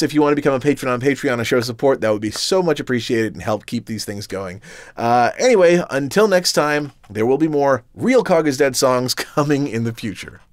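Man, musician host, casual and self-mocking, filler-heavy; medium pitch, dry close mic. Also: no echo. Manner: easygoing, self-deprecating, with frequent "uh" fillers. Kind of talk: comedy sketch and casual outro to viewers.

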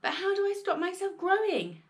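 A woman's voice: extremely high pitch, sing-song, normal speed, voice pushed up. A woman voicing a timid eight-year-old boy who pleads earnestly in a storybook reading. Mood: dismayed.

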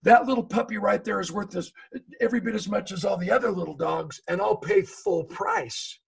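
A man's voice: high voice, fairly quick, gravelly, husky, far from the mic, exaggerated voice. A man voicing an eager, pleading little boy in a spoken story. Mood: earnest. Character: eager little boy buying a lame puppy.

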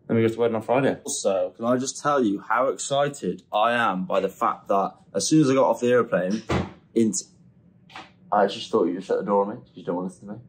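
Excitable young man, deep voice. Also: quick pace. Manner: excitable, swears casually. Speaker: travel vlogger. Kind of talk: casual vlog chat. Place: out and about on a city trip. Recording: noisy ambient background.

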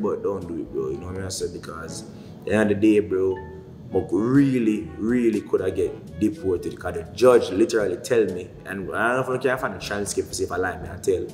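A young man with a Jamaican accent talks in a lowish voice, spinning a story in lively, slang-heavy patois. The sound is roomy and echoing, with a long reverb tail and faint music behind him. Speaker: vlogger. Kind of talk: casual storytelling. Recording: echoey room, faint music.

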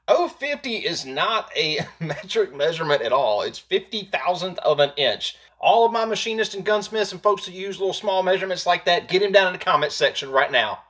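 Man host, slightly high voice, very lively delivery, teasing and jokey, casual video talk. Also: moderate pace, husky. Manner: joking, teasing, animated. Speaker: host and jon boat builder. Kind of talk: casual how-to video talk with a comment roast segment.

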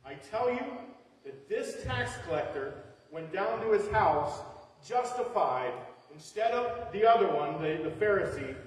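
Man preaching a casual, rambling sermon to a congregation; fairly high voice, heard from a distance. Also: lively intonation, a little slow. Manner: conversational, rambling, with many fillers and restarts. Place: church hall before a live congregation. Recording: echoey hall from far off.

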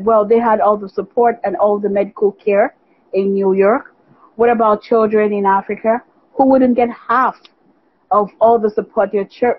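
A woman's voice: medium pitch, husky, no room sound, dull audio. A woman radio host asking interview questions, stammering and repeating words as she goes.

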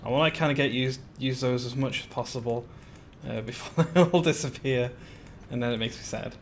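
A man's voice: mid-range voice, a little fast, a little hiss or hum. A man chatting casually on a live stream while building in a game, greeting viewers by name with giggly asides.

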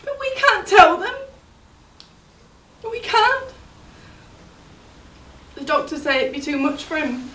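An actress playing a grieving young fiancée in a stage monologue, speaking in an emotional, halting way. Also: female voice, very high voice, very animated, a bit bright, full character voice. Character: young woman, grieving fiancée, anxious and devoted. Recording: roomy, distant from the mic.

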